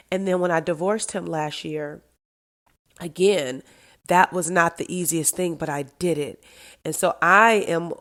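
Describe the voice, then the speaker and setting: A middle-aged woman hosting her own podcast, talking through her thoughts in a candid, heartfelt solo monologue that turns emotional at times. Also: on the low side. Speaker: podcast host.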